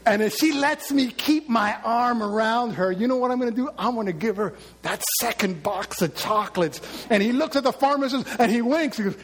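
A man's voice: extremely high pitch, a little fast, hardly any pauses. A man preaching a sermon, telling a long joke story to his congregation and acting out the characters as he goes. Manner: storytelling, acts out characters, asks the congregation questions.

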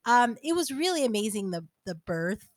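Chatty, playful woman podcast host, higher voice. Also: big pitch swings, moderate pace, no echo, studio quality, faint music behind. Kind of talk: casual chat.

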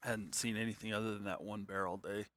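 A man's voice: on the low side, steady tone, fast talker, a bit bright. A man telling a long hunting story in casual, rambling talk, full of fillers and restarts.

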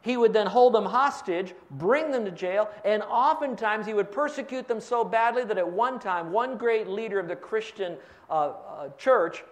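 A man's voice: high-pitched, expressive, normal speed. A man preaching a sermon, teaching and asking his congregation to fill in words. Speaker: pastor.

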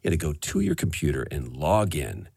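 A man in his forties tells stories on a podcast in a deep voice that swoops up and down with animation. He swears casually, and the sound is dry and close, with no room at all. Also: a little fast, creaky, husky, dry recording. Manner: animated storyteller, swearing freely. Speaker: voice actor guest.

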